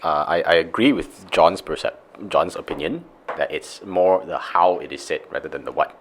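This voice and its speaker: A young man co-hosting a podcast, giving his opinion in a measured, deliberate way. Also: low-pitched, a little hiss or hum. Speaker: podcast co-host. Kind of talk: casual chat.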